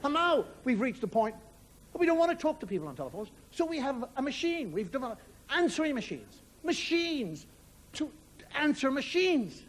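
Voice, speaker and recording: High-voiced Irish comedian, lively. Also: male voice, moderate pace. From Ireland. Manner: wry, conversational storytelling with mock outrage. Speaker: stand-up comedian. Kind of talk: stand-up comedy monologue.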